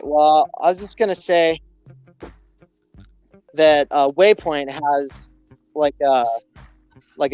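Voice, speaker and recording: A man's voice: a little high, a little mellow, smooth, no echo. A man hosting a casual stream, talking loosely with lots of fillers. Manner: loose, filler-heavy, hurried. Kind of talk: casual chat. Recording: dull lo-fi sound.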